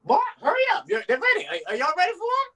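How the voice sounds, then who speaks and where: A man putting on a shrill bossy grandma. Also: wildly swooping pitch, fast talker, vocal fry, bright, forceful tone, exaggerated voice. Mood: scolding. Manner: scolding, calls out shrilly. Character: bossy older grandmother hurrying her grandson.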